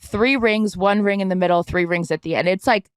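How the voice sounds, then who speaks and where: A woman's voice: medium pitch, fairly quick, clear, resonant tone, dry recording, clean studio sound. Chatty woman podcast co-host. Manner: rambling, fillers and restarts, conversational. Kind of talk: casual chat.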